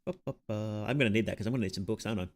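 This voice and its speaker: A man's voice: on the low side, very fast. An Australian man streaming a game, rambling casually and breaking off mid-thought to comment on what he is doing. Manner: rambling and chatty, with self-interrupting asides. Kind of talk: casual gameplay chat.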